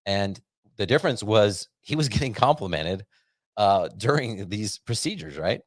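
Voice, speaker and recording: A man's voice: fairly low pitch, animated, normal speed, no echo, clean studio sound. A middle-aged American man hosting a podcast, chatting casually and rambling upbeat with many fillers. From United States. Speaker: podcast host. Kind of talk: casual monologue to a live audience.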